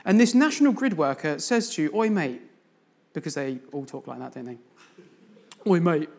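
A man's voice: on the high side, sing-song, fast. A man giving a sermon as a guest preacher in a church, telling a story and putting questions to the congregation.

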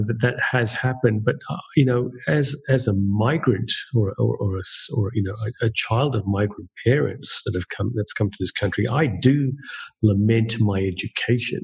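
A low-voiced co-host talks in a hesitant, searching way. His voice is gravelly and somewhat husky. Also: darkish tone. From Australia. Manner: hesitant, many fillers and restarts. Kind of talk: casual conversation.

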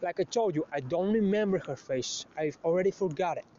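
Man, high voice, profane rambling storytelling, muffled lo-fi sound, faint background noise. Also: a little fast, warm tone. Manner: crude, profane, rambling with many restarts. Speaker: show host. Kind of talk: casual storytelling monologue. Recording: slightly muffled lo-fi recording.

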